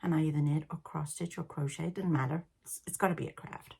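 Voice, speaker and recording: A woman in her fifties with a Liverpool accent softened by years in Canada, hosting a knitting podcast in a chatty, rambling way. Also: low voice, quick pace, gravelly, slightly rough. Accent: Liverpool English softened by decades in Canada. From England, Liverpool. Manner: chatty and rambling, with laughs and excited asides. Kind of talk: casual chat.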